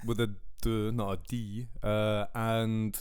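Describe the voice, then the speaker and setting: A young man tells a story on his podcast in loose, crude chat. His voice sits low and sounds smooth and clear. He laughs often and acts out the lines of people he met. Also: level tone, takes it slowly, darkish tone, no room sound. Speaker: podcast co-host.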